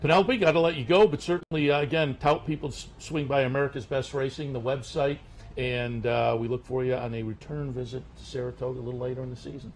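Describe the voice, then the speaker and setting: A man hosting a radio talk show about horse racing, chatting in a relaxed way with many "uh"s and restarts. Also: medium pitch, fast, slight background noise. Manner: relaxed, frequent fillers and restarts. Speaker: host. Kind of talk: casual radio chat.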